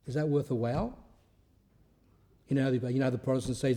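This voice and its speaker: A man's voice: mid-range voice, fairly quick, pauses often, warm tone. A man who is an Orthodox priest, giving an informal spiritual talk in a conversational, storytelling way, with rhetorical questions and phrases he often repeats.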